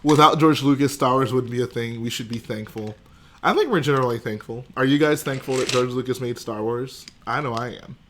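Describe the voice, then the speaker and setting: A man's voice: medium pitch, fairly quick, fairly bright tone, slight background noise. A young man hosting a casual livestream, joking and chatting with his viewers. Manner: joking, chatty, responds to chat. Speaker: livestream host.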